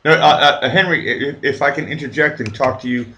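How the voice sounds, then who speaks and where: A man's voice: medium pitch, a little fast, noisy background. A man hosting a casual livestream, rambling through a personal story with many restarts and repeated words. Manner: swears casually. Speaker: livestream host.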